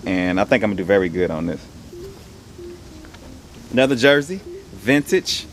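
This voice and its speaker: A young man chats through his haul at an easy, rambling pace, dropping slang as he goes. His voice sits a little on the low side. Soft music plays faintly underneath. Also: expressive, moderate pace. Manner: laid-back, rambling, slangy. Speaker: online reseller showing his haul. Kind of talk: casual haul video.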